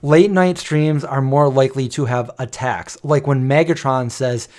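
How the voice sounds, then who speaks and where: A man's voice: mid-range voice, a little slow, hardly any pauses, darkish tone. A man in his forties hosting a late-night livestream, telling rambling, playful nostalgic stories and singing old jingles. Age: 40s. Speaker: livestream host. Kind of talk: casual nostalgic storytelling to chat.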